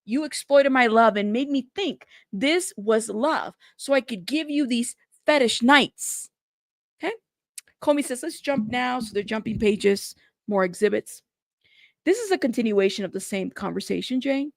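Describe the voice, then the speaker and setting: A woman's voice: a little high, a little slow, dry recording, clean studio sound. A woman hosting a news channel, reading court transcripts aloud and breaking off into sassy, chatty asides.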